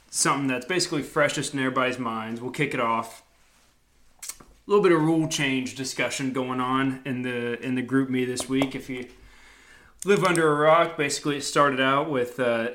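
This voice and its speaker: A man's voice: mid-range voice, a bit bright. Laid-back young male podcast host. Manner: rambling, laid-back, self-mocking. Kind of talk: casual podcast chat.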